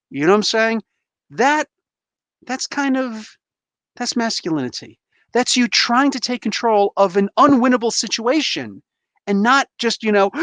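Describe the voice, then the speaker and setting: Lively, emphatic male host in his forties, dry close sound. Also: very high voice, takes it slowly, no room sound. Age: 40s. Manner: animated, emphatic, acts out voices. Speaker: comic book show host. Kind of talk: opinionated live-stream monologue.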